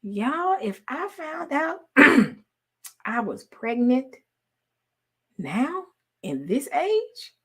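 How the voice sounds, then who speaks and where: A woman, telling a story in casual chat with her followers, laughing often and swinging from loud to hushed. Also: sits high, sing-song, very slow, long pauses. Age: 40s. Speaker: online host talking to followers.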